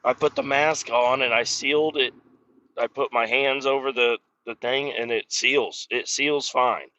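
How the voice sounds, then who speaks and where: A man's voice: mid-range voice, steady tone, unhurried, sharp tone, dry recording, highs cut off. A man hosting a podcast, griping and swearing casually about his job while driving in his car. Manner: profane, exasperated griping. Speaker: podcast host. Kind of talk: casual solo rant.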